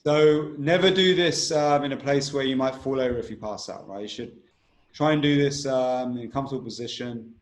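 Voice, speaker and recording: Talking fairly quickly in a mid-range voice, a man explains a breathwork practice step by step and shows how the chanted tones go. It's an instructional conversation captured with noticeable room echo.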